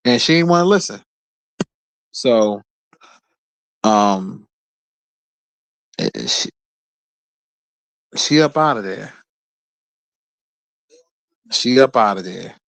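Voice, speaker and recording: A man's voice: on the low side, lively intonation, takes it slowly, vocal fry, long pauses, fairly bright tone, dry recording. Blunt, profane man in a dry room. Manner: blunt, profane, repeats words when starting sentences. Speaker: streamer host. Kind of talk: casual live-stream commentary.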